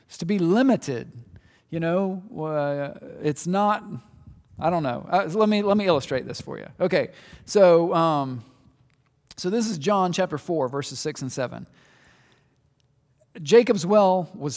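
Man, pastor, slightly high voice, chatty and animated, long echo of a hall. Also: unhurried, pauses often. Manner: animated, chatty, jokes with listeners. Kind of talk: sermon answering questions.

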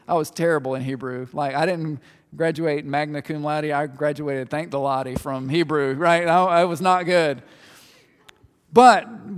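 A man preaching and answering questions in a chatty, animated way, joking and checking in with his listeners. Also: a little high, in a large hall. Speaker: pastor.

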